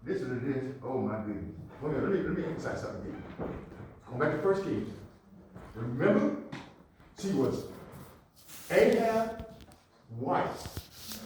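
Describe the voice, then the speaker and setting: A man preaching a sermon emphatically, repeating phrases, swinging between shouts and hushed asides, and calling out to his congregation. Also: medium pitch, very animated, moderate pace, pauses often, a little hiss or hum. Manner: addresses the congregation directly, calls for responses. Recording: very echoey, mic far from the speaker.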